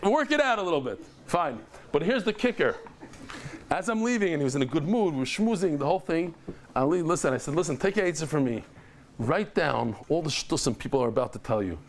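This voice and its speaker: A middle-aged man teaching a daily Talmud class, animated, telling stories with lively joking asides. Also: a little high, a little fast, a little hiss or hum.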